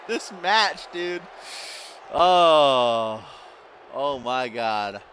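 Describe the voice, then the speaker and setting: A young man doing excited, exasperated play-by-play commentary while playing a wrestling video game, laughing at the mistakes. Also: on the high side, slight background noise. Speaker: gaming YouTuber.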